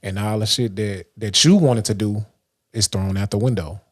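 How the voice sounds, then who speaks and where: A man's voice: lowish voice, steady tone, normal speed. A man from Dallas, hosting a livestream and talking through a loose, rambling motivational monologue. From Dallas, Texas. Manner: loose and rambling, many restarts and fillers. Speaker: livestream host.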